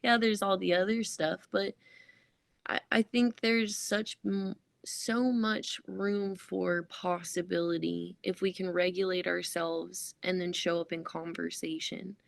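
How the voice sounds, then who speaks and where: A woman's voice: lowish voice, little pitch movement, unhurried, vocal fry, no room sound. A woman co-hosting a podcast, talking earnestly and easygoing, with a lot of "like" and the odd swear. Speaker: podcast co-host. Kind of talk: casual podcast chat.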